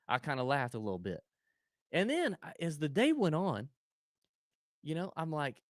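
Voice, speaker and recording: A man's voice: on the high side, big pitch swings, normal speed, creaky, no echo, clean studio sound. A man co-hosting a podcast, telling stories animatedly with goofy sound effects and casual chat. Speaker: podcast co-host.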